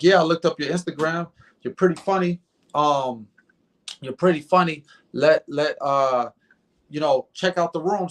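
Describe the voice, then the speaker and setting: A middle-aged man telling a story in a casual interview, animated and acting out the dialogue, often repeating words. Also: a little high. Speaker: guest comedian.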